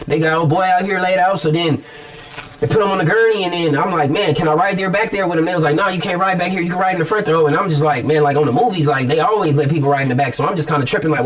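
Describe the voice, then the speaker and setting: Guy talking fast in a high voice, telling what happened, keeps quoting himself. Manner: retells events quoting himself, repeats words. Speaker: interviewee on the news. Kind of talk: emotional personal account.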